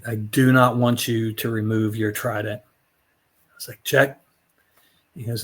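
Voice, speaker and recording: Blunt middle-aged man telling a story. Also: mid-range voice. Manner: blunt, profane, acts out both sides of quoted dialogue. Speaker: podcast guest, former Navy SEAL. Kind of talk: candid storytelling interview.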